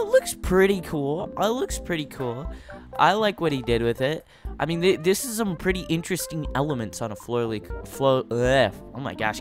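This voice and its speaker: A young man commenting on a game as he rides through it, excitable and rambling, often tripping over his words. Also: medium pitch. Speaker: gaming video creator.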